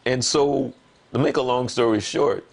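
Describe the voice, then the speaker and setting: A man's voice: mid-range voice, a little slow, vocal fry. Emphatic man telling a story. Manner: animated, voice jumps up when quoting himself. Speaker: talk show guest. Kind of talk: casual conversation.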